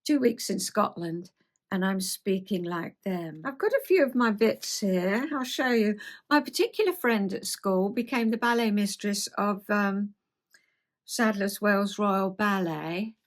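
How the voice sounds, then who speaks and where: A woman's voice: mid-range voice, unhurried. Older woman, 70s, London accent. Memoir read-aloud with rambling chatty asides, self-deprecating. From South East England. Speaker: host.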